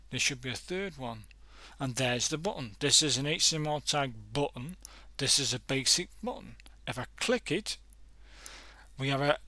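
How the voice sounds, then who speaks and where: Rambling man thinking aloud, bright voice. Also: medium pitch, no echo. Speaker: coding tutorial host. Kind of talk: casual screen-recorded tutorial.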